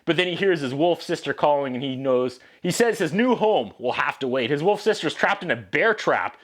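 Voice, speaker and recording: A man's voice: a little high, animated, moderate pace, a bit bright. A man hosting a video review show, giving sarcastic, wisecracking commentary. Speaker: VHS reviewer. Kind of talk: casual commentary.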